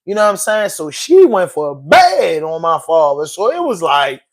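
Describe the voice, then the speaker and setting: Hosting a podcast, this man speaks in a sing-song voice on the high side at a moderate pace. His casual monologue is emotional and slangy, repetitive, and heavy on the word "bro."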